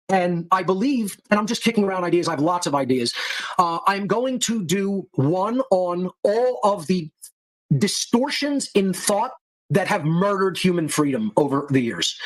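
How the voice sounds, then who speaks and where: This is a man with a notably high voice, lecturing at length in a steady, emphatic way. He slides into blunt, contemptuous insults aimed at his listeners. His speech carries the deliberate weight of a prepared podcast monologue. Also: low-quality recording. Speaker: podcast host.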